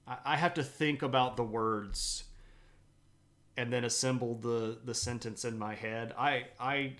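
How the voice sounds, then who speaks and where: A man from the southeastern United States with a light Southern accent, giving a live-streamed history talk and chatting with viewers, with many pauses and fillers. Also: mid-range voice, fairly bright tone. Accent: light Southern American.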